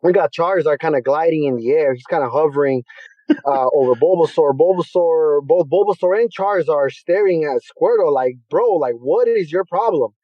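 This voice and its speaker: A man speaks as a podcast guest in laid-back, slangy casual chat, laughing as he retells scenes. His voice sits high for a man. The recording is dull and lo-fi, close and dry. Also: fairly quick, no room sound.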